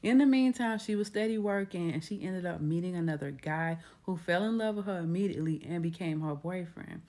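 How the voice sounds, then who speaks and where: A woman with a slightly low voice tells a true crime story in a relaxed, conversational way. She restarts her sentences often as she goes. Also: a little fast. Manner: conversational, with frequent restarts and acted quotes.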